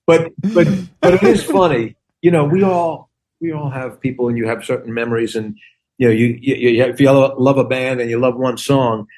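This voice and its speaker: An older man in his sixties chats loosely on a podcast as a guest, spinning anecdotes. He acts out quoted lines and leaps up high in pitch for the punchlines. His voice stays at an ordinary middle pitch the rest of the time. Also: moderate pace. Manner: animated storyteller who acts out quotes with big pitch jumps. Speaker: guest comedian and actor. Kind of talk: casual podcast storytelling.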